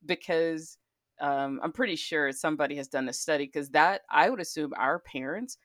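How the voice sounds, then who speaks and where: A woman's voice: low voice, normal speed, no echo, clean studio sound. A middle-aged woman co-hosting a podcast, chatting casually and telling stories with plenty of laughter. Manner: animated, laughing storyteller who acts out quoted voices. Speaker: podcast co-host. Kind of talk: casual chat.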